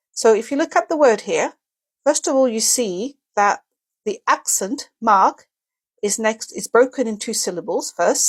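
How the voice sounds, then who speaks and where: With a slightly high, breathy voice, a woman teaches English in a casual video lesson on reading a dictionary's pronunciation key. She explains each step and sounds out sample words, with minor slips and self-corrections along the way.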